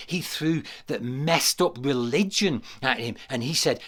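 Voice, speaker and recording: Man, pastor, livestreamed sermon, emphatic, repeats phrases, mid-pitched voice. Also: expressive, unhurried, hardly any pauses. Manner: emphatic preaching, repeats key phrases, rising to loud declarations. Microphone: speaking to a camera.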